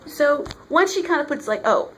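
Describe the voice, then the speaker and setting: A woman's voice: on the high side, expressive, measured pace, a bit bright, a little hiss or hum. A woman giving a casual, chatty vlog review of a comic book, talking with emphasis.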